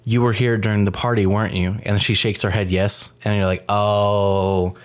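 A man hosting a podcast, retelling a film scene in casual chat, animated and profane. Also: lowish voice, moderate pace. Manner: animated, profane storytelling with many fillers. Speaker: podcast host reviewing a film.

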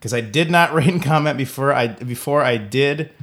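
A man's voice: mid-range voice, normal speed, fairly bright tone. A man co-hosting a casual sports podcast, talking in a rambling way with lots of stumbling restarts. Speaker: podcast co-host.

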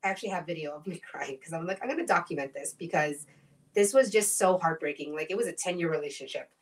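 A woman's voice: deep voice, fast, distant mic. A woman co-hosting a podcast, chatting casually and telling stories with acted-out quotes and frequent swearing. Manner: animated storytelling, acts out quoted voices, swears freely. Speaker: podcast co-host. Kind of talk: casual chat.

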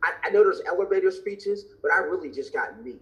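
A man's voice: sits high, expressive, fast talker, fairly bright tone, low-quality recording. A man guesting on a podcast, candidly and earnestly telling a personal story with emotion.

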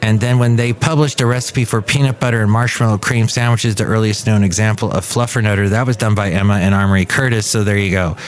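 A man's voice: on the low side, fairly even intonation, fast, few pauses. A man hosting a podcast, chatting casually through the news and wandering off on tangents. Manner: rambling, tangent-prone, self-correcting. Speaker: podcast host.

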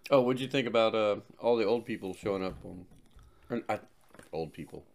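A man's voice: fairly low pitch, brisk, vocal fry, a little mellow. A man in his twenties co-hosting a podcast, blunt and teasing in casual chat. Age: 20s. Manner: blunt, teasing, swears freely. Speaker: podcast co-host.

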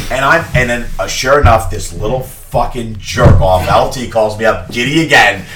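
A man tells a rambling story with profane, animated energy, laughing as he goes. The room rings with echo, and steady background noise sits under his voice. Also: medium pitch, normal speed. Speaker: podcast co-host, league commissioner. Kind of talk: casual storytelling banter. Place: studio.

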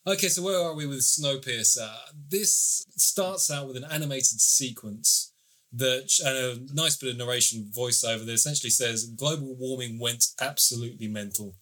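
A man's voice: medium pitch, moderate pace, sharp tone. A man co-hosting a podcast, casually summarizing and reviewing a TV series at length, with the odd swear. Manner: chatty, swears casually, long plot summaries.

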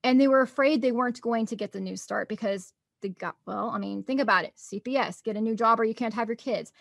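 A woman's voice: fairly high pitch, quick pace, creaky, dry recording, studio quality. A young woman telling stories in a casual chat, bubbly and laughing often.

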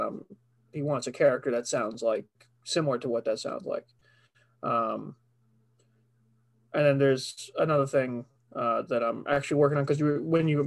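A male voice actor speaking as a podcast guest, his voice sitting a little on the high side. He talks in a loose, rambling way, circling back and filling gaps as he goes. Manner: rambling, filler-heavy talk. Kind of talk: casual podcast chat.

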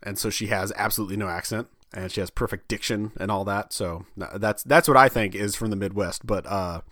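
A man's voice: on the low side, brisk, fairly bright tone, no echo, clean studio sound. A man co-hosting a podcast who talks in a wry, explanatory way in casual conversation. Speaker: podcast co-host.

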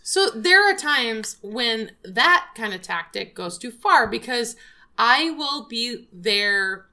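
A woman chatting casually about working in retail, acting out customers in quick put-on voices. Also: on the high side, expressive, pushed and bright.

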